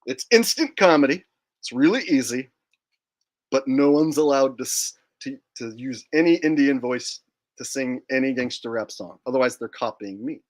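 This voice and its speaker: A man's voice: medium pitch, moderate pace, darkish tone. A man hosting a casual livestream, joking and rambling while he reads out chat comments. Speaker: livestream host.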